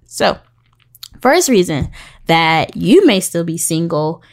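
A young woman hosts her podcast in a chatty, casual way, with a voice that sits a little low for a woman. She speaks to listeners directly and slips into preachy, sarcastic asides. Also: very animated, slow. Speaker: podcast host. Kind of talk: casual faith-based podcast talk.

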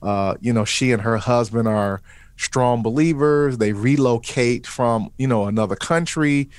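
Hosting a faith-based interview podcast, this man backs up his guest with frequent interjections like "amen" and "praise God." His voice is medium-pitched and unhurried, with no echo.

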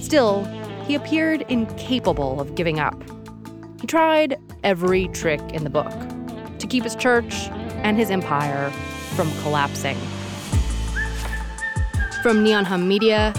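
A woman hosting a podcast, giving measured, dramatic scripted narration. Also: medium pitch. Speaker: podcast host.

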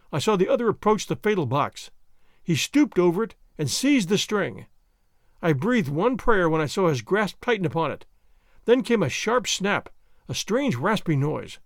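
A man reading a story aloud as narrator, expressive and dramatic. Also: high-pitched, no room sound, studio quality. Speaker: audiobook reader.

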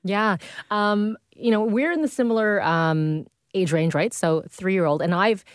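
A woman's voice: medium pitch, measured pace, clean tone, no room sound. Casting: woman co-host, candid and self-deprecating, dry studio sound. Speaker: talk show co-host. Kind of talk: casual chat.

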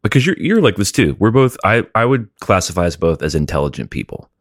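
Wry, lively low-voiced podcast man. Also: fast talker, no echo, studio quality. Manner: wry, rambling, mock-grand phrasing. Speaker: podcast co-host. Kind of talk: casual comedic podcast banter.

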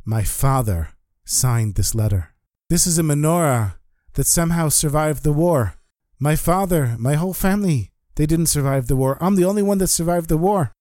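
Guy doing a grieving survivor dad, dark dry voice, storytelling, pitch jumps up when it gets emotional. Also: lively intonation, normal speed, hardly any pauses, no room sound, lightly acted. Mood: anguished. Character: grieving Holocaust survivor father, middle-aged.

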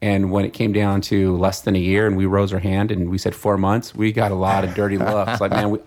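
A man as a podcast guest, recounting his working years in a steady, matter-of-fact way. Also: deep voice, fairly quick, slight background noise. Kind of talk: casual interview chat.

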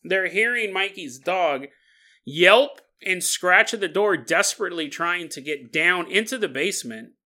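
A male podcast host retells a story in a loose, conversational way, cracking jokes and laughing as he goes. His voice is bright, and his pitch swings widely and expressively. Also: animated, unhurried. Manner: joking, laughs often, acts out voices. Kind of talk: casual storytelling.

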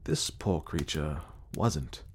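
A man voicing an earnest, reflective gentleman who sincerely recounts meeting a ghost, in an audiobook reading. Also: rumbling low, animated, slow pace, a little hiss or hum, voice pushed down, exaggerated voice. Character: earnest gentleman telling his ghost encounter. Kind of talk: audiobook character voice.

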